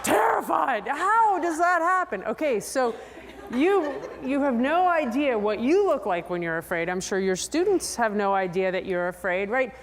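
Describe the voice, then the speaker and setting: A woman psychologist giving a lively, chatty talk to a convention audience, drawing answers from the crowd. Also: normal speed, noisy background. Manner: animated, chatty, acts out riders in high voices. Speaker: sports psychologist presenter. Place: large convention hall. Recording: long hall reverb.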